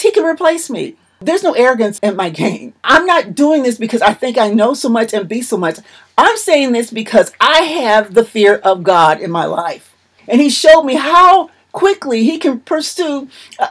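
Husky, high-voiced woman preaching. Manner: emphatic, repetitive preaching. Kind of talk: sermon.

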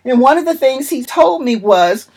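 Woman preacher, fairly high, breathy voice, emphatic and repetitive sermon delivery. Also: animated, moderate pace, a little mellow.

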